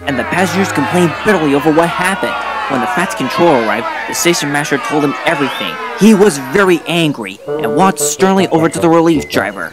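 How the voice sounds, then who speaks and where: A man narrating a children's storybook in an even storytelling manner. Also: a little high, fast, few pauses. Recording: narration with music bed.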